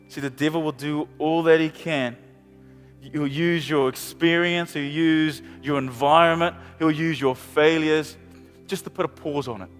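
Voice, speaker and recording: A middle-aged man preaches with fervor, circling back to phrases again and again and slipping in light jokes. His voice sits a little high. It rings out through a large hall with a long echo, and soft music plays underneath. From New Zealand. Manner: impassioned, repetitive preaching with playful asides. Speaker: pastor. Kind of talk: sermon.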